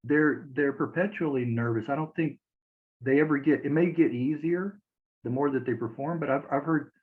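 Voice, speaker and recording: A man's voice: on the high side, normal speed. Encouraging man on a tinny line. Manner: encouraging, eager listener. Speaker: interview host. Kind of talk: casual interview chat.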